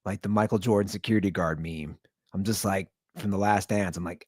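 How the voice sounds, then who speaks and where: A man's voice: low voice, fairly even intonation, brisk, a little mellow, dry recording, clean studio sound. A tired man hosting a podcast, talking in a blunt, rambling casual monologue full of restarts. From Cincinnati area. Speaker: podcast host.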